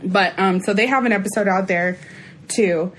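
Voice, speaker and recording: A woman's voice: mid-range voice, moderate pace. A young adult woman co-hosting a podcast in casual chat, bantering and swearing freely. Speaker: podcast co-host. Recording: faint background noise.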